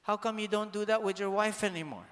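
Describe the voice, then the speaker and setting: Animated man speaking in a reverberant hall. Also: high voice, fast. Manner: animated, rhetorical questions, bursts of shouting. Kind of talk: motivational talk to an audience.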